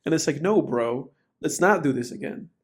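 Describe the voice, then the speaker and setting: A man co-hosting a film podcast, talking casually in a rambling, animated way, full of "you know" and "like". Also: a little high, moderate pace, slightly rough. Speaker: podcast co-host. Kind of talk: casual film review chat.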